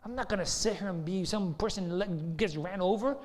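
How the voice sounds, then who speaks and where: A man's voice: sits high, brisk, a little mellow. A man preaching a sermon in a conversational, storytelling way, often checking in with the listeners. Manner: conversational, storytelling, frequent "right?". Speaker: pastor. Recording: long hall reverb.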